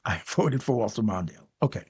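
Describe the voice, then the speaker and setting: A man's voice: on the low side, lively intonation, fast, darkish tone, breathy edge. An older man hosting a podcast, giving solo political commentary in an emphatic way and addressing the listener directly with frequent "okay"s. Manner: emphatic, talks straight to the viewer with frequent "okay"s. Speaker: podcast host.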